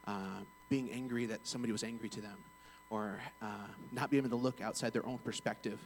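A man's voice: on the low side, steady tone, brisk, slight background noise, rough recording. A man who works in bank customer service, telling a personal story in a casual, earnest, rambling way with many restarts.

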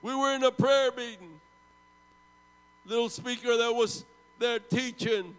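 A man in his seventies preaching a storytelling sermon, swinging from loud bursts down to hushed, low tones. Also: a little slow, smooth, big-room sound, poor audio. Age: 70s.

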